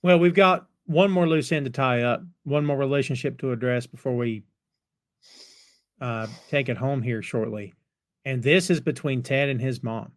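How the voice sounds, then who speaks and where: A man hosting a casual review chat, retelling scenes with animated storytelling and acted dialogue. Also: medium pitch, moderate pace, dry recording, clean studio sound. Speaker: podcast host.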